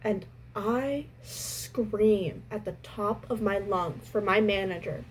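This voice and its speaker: A young adult woman casually telling a story from her restaurant job, animated and exasperated. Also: medium pitch, slow pace, few pauses, breathy edge, poor audio.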